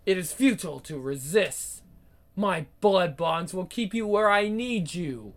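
A woman voicing a cruel, seductive vampire queen in a comic book read-aloud, with slow, taunting, theatrical delivery and growls. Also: on the low side, animated. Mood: gloating.

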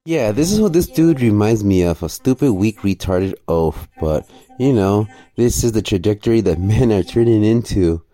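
Brief: male reaction host, low and mellow, sarcastic with swinging intonation, faint music underneath. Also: expressive, moderate pace. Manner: sarcastic, scornful, laughs at his own jokes. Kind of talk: mocking commentary over a clip.

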